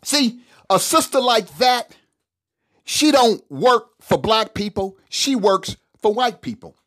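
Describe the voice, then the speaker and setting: A man's voice: high voice, animated, slow, a bit bright. A middle-aged man hosting a solo podcast, talking in an emphatic, preachy way and repeating words for stress. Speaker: podcast host.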